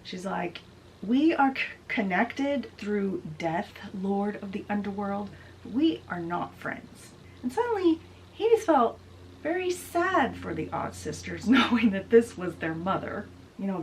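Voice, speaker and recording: A woman's voice: mid-range voice, slight background noise, poor audio. A woman hosting a book video, chatty and digressive as she retells a story in a casual summary.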